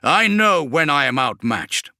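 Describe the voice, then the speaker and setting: A man's voice: on the high side, sing-song, a little slow, pushed and bright, no room sound, clean studio sound, pitched above the performer's own voice, exaggerated voice. A man voicing a weary male sorcerer who speaks bluntly and with resignation. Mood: resigned.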